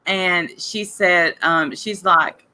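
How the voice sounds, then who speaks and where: Speaking slowly with a forceful, bright tone, a woman with a fairly low voice hosts a laid-back talk show. She's fighting a cough but keeps chatting, rambling through gossip and talking directly to her audience as the podcast host.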